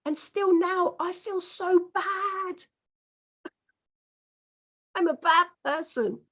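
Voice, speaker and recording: High-voiced woman telling a story. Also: extremely slow, bright, forceful tone. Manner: self-deprecating storytelling. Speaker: panelist. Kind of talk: panel discussion.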